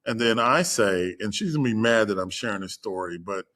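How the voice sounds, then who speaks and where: A man telling a personal story in a casual chat, acting out the people he quotes with lively shifts in voice. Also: on the low side, fairly quick. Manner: animated, acts out quoted voices. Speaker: guest storyteller.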